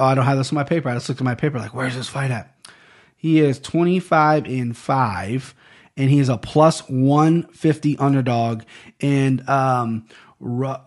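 Loose, profane man talking fight picks. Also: fairly high pitch. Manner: rambling, profane, stumbles over names. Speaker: sports betting podcast host. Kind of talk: casual fight-picks chat. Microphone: desk microphone.

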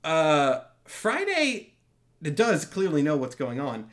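A man's voice: a little high, huge pitch swings, takes it slowly. A man narrating as dungeon master in loose, hedging speech, often breaking into laughter. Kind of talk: narrating a tabletop game.

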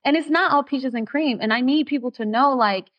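Brief: higher-voiced woman guest, heartfelt and expressive, lo-fi dull sound. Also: brisk. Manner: expressive and heartfelt, voice rising when excited. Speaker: actress guest. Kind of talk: candid podcast interview.

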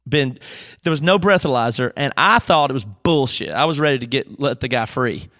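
A man's voice: mid-range voice, animated, normal speed, pushed and bright. Rambling man telling a story. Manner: rambling, fillers, acts out quotes. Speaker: podcast co-host. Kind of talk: casual chat, storytelling.

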